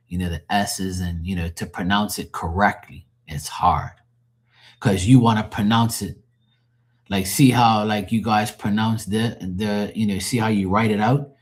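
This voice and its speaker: A man's voice: lowish voice, darkish tone. A man chatting casually on a livestream, rambling and explaining words to his viewers with lots of fillers. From born in the country of the stream, Portuguese family. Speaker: livestream tarot reader.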